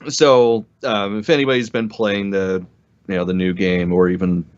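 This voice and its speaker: A man's voice: lowish voice, little pitch movement, normal speed, smooth. A man co-hosting a fan podcast, talking in a laid-back, casual way with some swearing. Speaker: podcast co-host. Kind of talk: casual chat. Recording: dull lo-fi sound.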